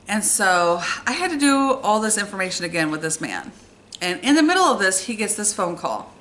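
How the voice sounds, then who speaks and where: A young woman telling a true story from her own life in a casual, animated and exasperated way. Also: lowish voice, moderate pace, a little hiss or hum. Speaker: storytime vlogger.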